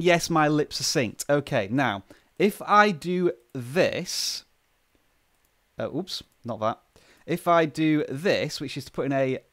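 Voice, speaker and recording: A man's voice: medium pitch, fairly bright tone, dry recording. A man from the UK hosting a casual live stream, chatting and greeting viewers by name at a close microphone. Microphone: close desk microphone.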